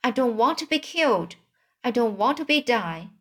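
A woman's voice: on the high side, sing-song, normal speed, pitched above the performer's own voice. Woman doing a panicky young pig. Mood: panicked. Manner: panicky, pleading, cries out. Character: frightened young male pig, whiny.

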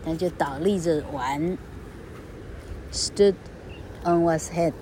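A woman reading a children's storybook aloud and explaining it in a slow, expressive teaching manner. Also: low-pitched, background noise.

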